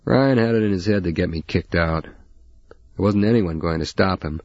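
A man's voice: deep voice, moderate pace, darkish tone, dry recording, muffled recording. A man doing a sullen teen boy. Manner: sullen, crude. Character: sullen, crude teenage boy.

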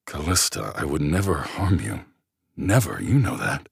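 A man's voice: lively intonation, breathy edge, dry recording, clean studio sound, full character voice. A man voicing a big, scarred male soldier who speaks earnestly and stammers. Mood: earnest, quiet. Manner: low, halting, stammering.

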